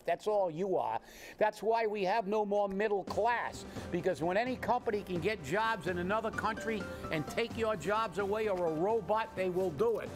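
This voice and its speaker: A man with a notably high-pitched voice delivers heated political commentary. He rants indignantly and fires off rhetorical questions as a show co-host. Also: normal speed, soft background music.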